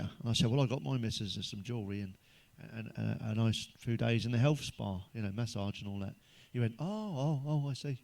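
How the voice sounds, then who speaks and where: Vocal fry colors the darkish, medium-pitched voice of a middle-aged stand-up comedian. He rambles through a monologue of blunt jokes full of swearing, laughing at his own punchlines.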